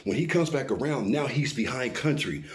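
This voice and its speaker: Animated man telling a street story. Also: medium pitch, normal speed. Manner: animated, profane, keeps saying "listen to me".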